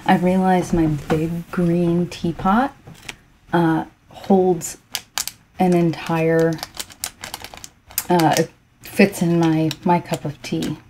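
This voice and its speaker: A woman in a soft-spoken ASMR tea ramble at home, talking in an unhurried, rambling way with a froggy morning voice. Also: on the low side, little pitch movement, a little hiss or hum, low-quality recording. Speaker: ASMR creator.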